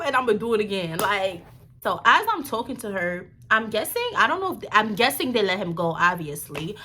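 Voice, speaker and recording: A young woman vlogger telling a story in a casual, slangy, animated way, full of swearing and sudden high-pitched quoted voices. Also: brisk.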